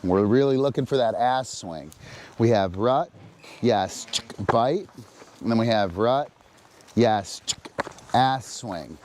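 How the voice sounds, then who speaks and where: A man talks slowly through a dog-training demonstration, pausing over fillers and then snapping out quick cues to his dog. His voice sits mid-pitch and unhurried. A faint hiss of noise runs under the recording. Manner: relaxed, halting explanations with many fillers, short sharp dog cues. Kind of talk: live-streamed training demonstration.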